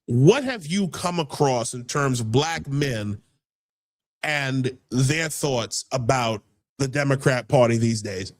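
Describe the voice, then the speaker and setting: A man's voice: medium pitch, animated, slow. A man hosting a casual political talk show, heated and rambling, often repeating words as he builds his point. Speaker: podcast host.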